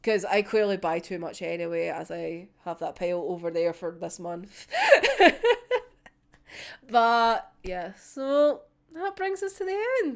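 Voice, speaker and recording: Young female vlogger with a slightly high voice. Loose, chatty, quick to laugh, drops a swear word now and then. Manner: uses local words like wee and yous. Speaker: YouTube creator. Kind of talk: casual vlog chat to viewers.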